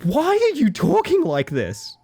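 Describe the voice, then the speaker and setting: A man streaming a video game live, reacting in an animated, sweary way and laughing often. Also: very high-pitched, measured pace.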